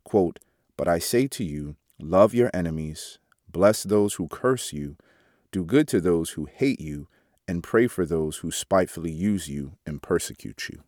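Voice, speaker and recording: A man with a very deep voice reads a devotional piece in a measured, even way. He announces each quotation aloud as he goes. The sound is dry and close, with no room around it. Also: no room sound. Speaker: devotional reader. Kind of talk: read-aloud devotional article.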